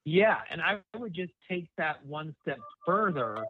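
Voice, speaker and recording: A man calling in to a talk, speaking in a halting, hesitant way with many restarts and fillers. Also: fairly high pitch, lively intonation, husky, dry recording. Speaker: caller. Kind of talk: call-in conversation. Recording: tinny phone line.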